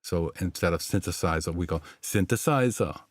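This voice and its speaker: Dutch-accented guy hosting a live stream, chatty and rambly, lots of ums, fairly low voice, dry sound. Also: lively intonation, a little slow, no echo. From southern Netherlands (Limburg). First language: Limburgish. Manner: rambling and chatty, with many fillers. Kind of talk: casual live stream chat.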